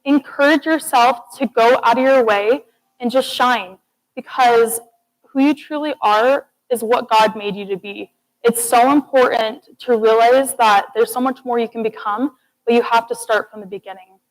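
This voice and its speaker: A woman's voice: a little high, moderate pace, poor audio. A young woman giving a student TED-style presentation, earnest and encouraging, talking straight to the audience. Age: young adult. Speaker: student speaker. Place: classroom or lecture hall.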